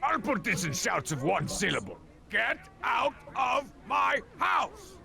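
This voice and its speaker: An actor playing a cocky, scheming cartoon man in a video game, with a gravelly, sarcastic delivery. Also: very high voice, sing-song, slow, pushed and bright, raised voice, exaggerated voice.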